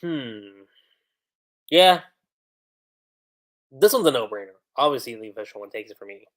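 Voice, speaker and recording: A man hosting a livestream, reading manga dialogue aloud and commenting on how two translations differ, acting out the lines with lively emphasis. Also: medium pitch, normal speed. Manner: reads character lines aloud with animated emphasis.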